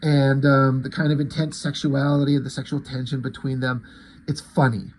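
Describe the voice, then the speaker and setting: A man's voice: mid-range voice, little pitch movement, normal speed, slight background noise. A man reviewing comic books in a casual, rambling way, crude and full of fillers and restarts. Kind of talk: casual chat.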